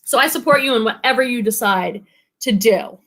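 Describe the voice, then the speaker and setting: A woman's voice: on the high side, normal speed, fairly bright tone. A woman, an online reseller, hosting a casual live stream, chatting and reading viewer comments in a bubbly way, with lots of "like" and laughter. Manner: chatty, bubbly, many likes and ums, laughs often.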